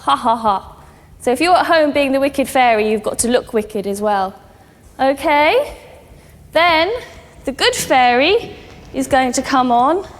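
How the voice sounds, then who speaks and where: High-voiced ballet teacher, slow and patient. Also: female voice, fairly bright tone. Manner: patient, clear step-by-step instructions to children. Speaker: ballet instructor. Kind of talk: teaching children a dance class. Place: dance studio. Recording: reverberant studio hall with music.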